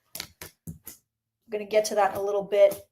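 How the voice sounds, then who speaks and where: A woman's voice: mid-range voice, monotone, normal speed, dark tone. A woman, a psychic reader, chatting through a live-streamed tarot reading and answering questions from the chat.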